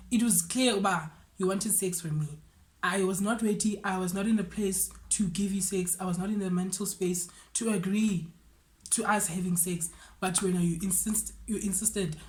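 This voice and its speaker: A young woman with a South African Xhosa accent, telling a personal story in a casual, animated way. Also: medium pitch. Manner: switches between English and Xhosa, animated retelling.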